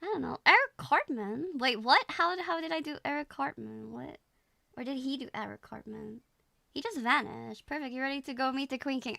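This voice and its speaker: High, bright, giggly young woman streamer. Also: moderate pace, creaky, dry recording. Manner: giggly, repeats words playfully. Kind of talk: livestream chat.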